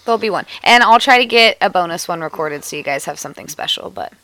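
A woman co-hosting a podcast in casual chat, chatty and excitable, laughing often as she talks. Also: fairly low pitch, quick pace, dry recording. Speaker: podcast co-host. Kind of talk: casual chat, reading a listener email.

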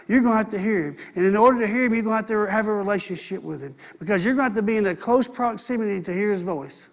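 High-voiced earnest man preaching. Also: quick pace, hardly any pauses. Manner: earnest preaching, repeats phrases for emphasis. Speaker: pastor. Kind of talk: sermon.

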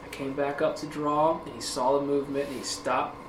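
A man hosting a podcast, telling a story in a casual, animated way, swearing freely and laughing often. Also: on the high side, fairly quick. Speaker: podcast host. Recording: echoey room with background noise.

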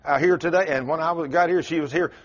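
Keeping a steady tone at a quick pace, a man whose voice runs high delivers a folksy sermon to a congregation in a church sanctuary. He tells stories, uses Southern expressions, and acts out quotes; the lo-fi church recording sounds dull.

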